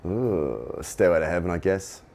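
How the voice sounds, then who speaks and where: A man's voice: low voice, lively intonation, a little slow, vocal fry, darkish tone, slight background noise. A middle-aged Australian man, a guest telling stories with frequent laughs and eager restarts. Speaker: interview guest. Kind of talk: casual storytelling.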